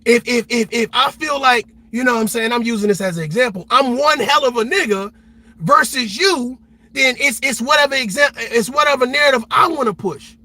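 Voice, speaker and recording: An army veteran hosting a livestream, talking passionately in a blunt, repetitive, profane way. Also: male voice, very high voice, fairly quick, pushed and bright, no room sound. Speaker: livestream host.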